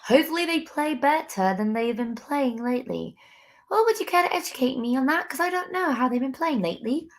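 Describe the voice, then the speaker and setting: A young woman with a high, lively voice talks a little fast as she hosts a casual sports live stream from a room by a window at home. Bubbly and chatty, this sports podcast host speaks directly to her viewers.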